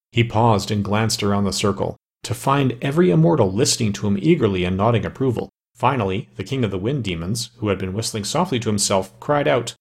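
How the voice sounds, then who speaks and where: Gravelly low-voiced male storyteller. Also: animated, brisk, few pauses. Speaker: audiobook narrator. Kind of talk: storybook reading.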